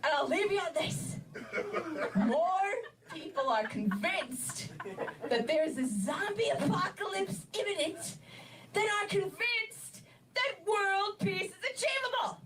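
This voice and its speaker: A woman doing an erratic stand-up set, often shouting and laughing between lines. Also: extremely high pitch, expressive, takes it slowly, recorded from a distance, noisy background. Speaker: stand-up comedian. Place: comedy club stage.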